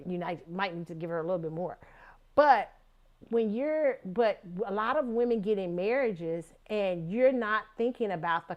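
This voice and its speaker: A woman's voice: mid-range voice, lo-fi sound. Female host, casual outspoken commentary, salty language, laughs a lot. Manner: frank, profane, laughs often. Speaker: talk show host.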